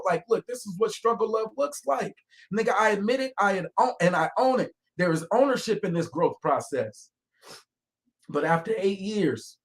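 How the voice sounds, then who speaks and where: A man giving angry, profane commentary, often shouting, with calmer reflective stretches. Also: high-pitched. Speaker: online commentator.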